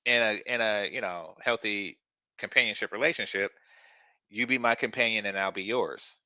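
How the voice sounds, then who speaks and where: A man's voice: fairly low pitch, normal speed, bright, forceful tone, dry recording. A man hosting a reaction commentary channel, talking in a blunt, crude and mocking way.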